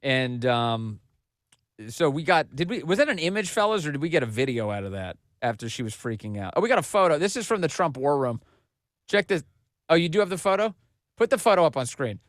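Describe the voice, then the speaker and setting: A man's voice: on the high side, sing-song, fairly quick, dry recording, clean studio sound. A man hosting a political commentary podcast, talking in a mocking, sarcastic way and laughing at what he covers. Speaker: podcast host.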